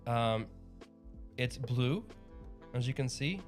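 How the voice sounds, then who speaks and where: Casual male stream host, middle pitch, upbeat and rambling, with faint music behind. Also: expressive, slow pace. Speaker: livestream host. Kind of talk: casual chat.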